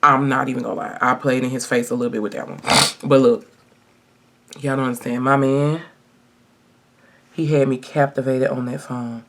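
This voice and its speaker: A woman's voice: a bass voice, fairly even intonation, moderate pace, pauses often, fairly bright tone. Chatty young woman telling a storytime. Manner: chatty and emphatic, addresses viewers as y'all. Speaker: vlogger. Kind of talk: casual storytime while getting ready.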